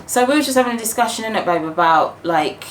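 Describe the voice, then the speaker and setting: A woman's voice: on the high side, lively intonation, fast, a little hiss or hum, low-quality recording. Chatty British mum in her kitchen. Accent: British English. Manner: chatty, talks through what she is doing, teasing. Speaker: mother, vlogger. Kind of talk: casual family vlog chat. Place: home kitchen.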